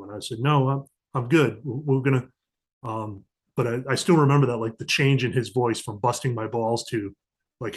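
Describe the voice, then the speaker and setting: Husky, mid-range, and at a moderate pace, the voice belongs to a middle-aged diplomatic security agent guesting on a podcast. During this casual storytelling interview he animatedly recounts stories and acts out the quoted dialogue.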